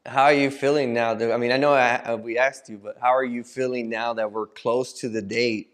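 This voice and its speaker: A laid-back man puts questions to the host in a relaxed podcast chat. He keeps saying "dude", and his pitch sits in a middle range. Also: brisk. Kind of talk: casual chat.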